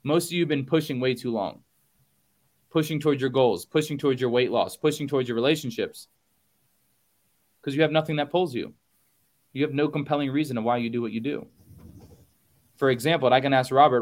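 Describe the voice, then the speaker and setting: A man's voice: medium pitch, fairly quick, long pauses. A man coaching on goals in a motivational podcast talk, punchy and emphatic, repeating phrases for effect and casually calling listeners y'all. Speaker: business coach guest.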